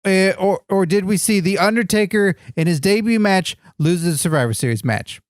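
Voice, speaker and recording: A man's voice: sits high, moderate pace, dry recording, studio quality. A man co-hosting a comedy podcast, earnestly enthusiastic in a goofy way. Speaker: podcast co-host. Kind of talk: comedic banter.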